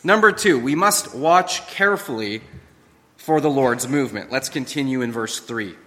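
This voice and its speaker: A man's voice: mid-range voice, expressive, normal speed, sharp tone, a little hiss or hum. A male pastor preaching a sermon with emphatic, rising and falling delivery. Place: church. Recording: long reverb of a church hall.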